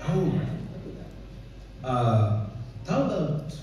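Mellow-voiced man on a panel. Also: medium pitch, very animated, extremely slow. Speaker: voice actor on a panel. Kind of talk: live panel banter. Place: large convention hall. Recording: echoey room from far off, faint noise.

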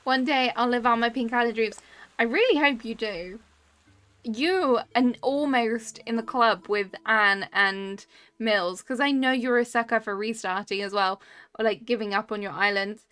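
A woman's voice: fairly high pitch, normal speed, a bit bright, smooth. British woman, thirties, live-stream host; casual, giggly, reads chat aloud. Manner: chatty, laughs often, reads chat comments aloud.

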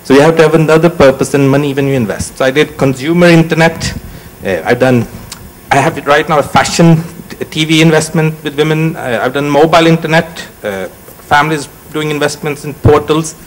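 A man's voice: on the high side, fairly quick, rough recording. A man in his forties with a Swedish accent, a startup CEO introducing himself on a conference panel in short, joking, choppy phrases. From Sweden. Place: conference stage.

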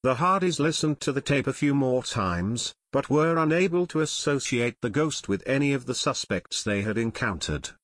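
A man reads an audiobook with steady, even delivery. His voice sits at an ordinary middle pitch. The recording is close and dry, with no room sound. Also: normal speed, hardly any pauses, dry recording. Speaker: audiobook narrator. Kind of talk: scripted narration.

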